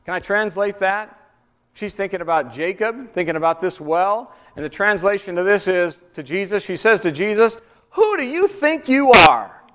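A man delivers a sermon in an animated, conversational way, with a fairly high voice. His words ring out with a long reverb, as if he is speaking in a large hall. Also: normal speed. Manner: animated, acts out quotes with rising pitch. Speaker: preacher. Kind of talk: sermon on soul-winning.

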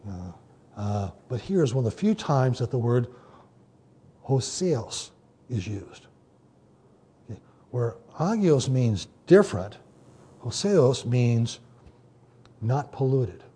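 Husky-voiced man preaching a casual sermon. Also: medium pitch, sing-song, unhurried, long pauses, warm tone. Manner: conversational teaching with frequent "okay" and "you know". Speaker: pastor.

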